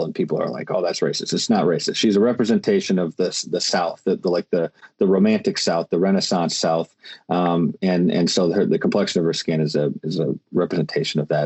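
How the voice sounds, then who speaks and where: Hosting a podcast, a man rambles through casual conversation full of fillers and restarts, his low-pitched voice husky with a darkish tone.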